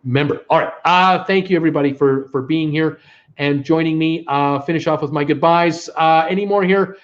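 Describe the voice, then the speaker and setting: Chatty man hosting a live stream, higher voice. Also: moderate pace, lo-fi sound. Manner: chatty, rambling, full of uh fillers and thank-yous. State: voice tiring. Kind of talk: casual live-stream sign-off.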